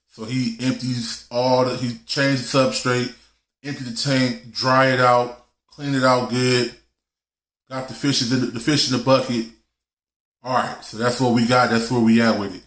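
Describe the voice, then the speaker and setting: Man, live stream host, casual slangy storytelling, middle pitch, roomy echo. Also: steady tone, moderate pace. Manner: loose, slangy, laughs through his story.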